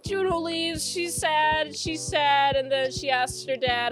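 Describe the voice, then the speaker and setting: A woman's voice: high voice, level tone, slow, few pauses, music in the background. A young woman casually retelling a movie's plot for a review, rambling, swearing now and then and laughing at her own asides.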